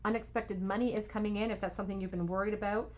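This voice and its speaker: A woman giving a pick-a-card tarot reading at home, soothing and reassuring, with soft laughs. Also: mid-range voice, steady tone, quick pace. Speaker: tarot reader.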